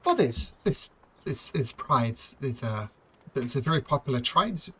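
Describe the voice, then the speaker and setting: Guy doing a wheedling merchant dude, bright voice, bounces up and down. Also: mid-range voice, big pitch swings, measured pace, a little hiss or hum. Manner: wheedling, hedging. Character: fast-talking male merchant who wants favors.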